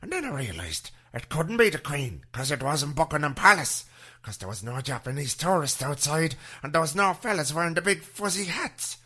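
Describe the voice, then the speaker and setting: A chatty male wheeler-dealer, played by a man, spinning a rambling yarn with a jaunty lilt. The voice is bright and pitched above a plain speaking voice, and it swoops up and down often. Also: very animated, normal speed, slightly rough, full character voice.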